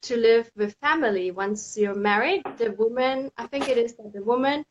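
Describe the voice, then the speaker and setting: A woman's voice: a little high, normal speed, slight background noise. A woman hosting a live stream, chatting casually and reading viewer comments aloud. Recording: slightly dull audio.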